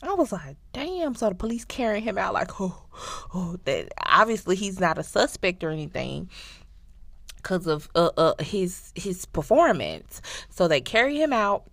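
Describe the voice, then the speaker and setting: A woman hosting a podcast, casually recapping a show in an animated, slangy way and talking straight to her listeners. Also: fairly low pitch, normal speed, gravelly, dry recording, clean studio sound. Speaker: podcast host.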